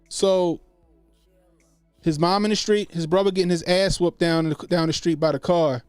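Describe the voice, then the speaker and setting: Casual streamer, man, animated and profane, dry close mic. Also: high voice, moderate pace, smooth, dry recording, soft background music. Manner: animated, profane, acts out quotes. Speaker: host. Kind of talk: casual livestream commentary.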